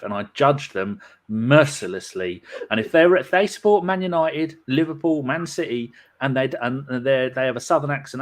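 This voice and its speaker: A man's voice: mid-range voice, normal speed. A man hosting a podcast in casual chat, with dry, teasing banter. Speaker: podcast host.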